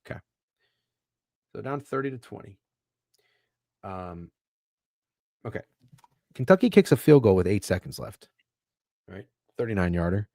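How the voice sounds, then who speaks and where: A man's voice: fairly low pitch, animated, unhurried, long pauses, dark tone, no echo, studio quality. A man co-hosting a sports betting podcast in a casual, rambling way, swearing and getting worked up when he defends his takes. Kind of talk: casual chat.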